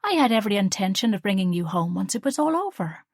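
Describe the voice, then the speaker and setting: A woman voicing an earnest young female student in love, speaking in a higher, eager and pleading way. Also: big pitch swings, quick pace, dry recording, clean studio sound.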